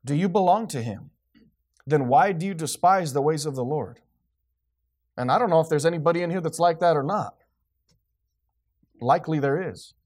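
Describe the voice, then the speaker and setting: A man's voice: on the high side, darkish tone, breathy edge. A man preaching a sermon, building up with rhetorical questions and acted-out quotes. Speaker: pastor.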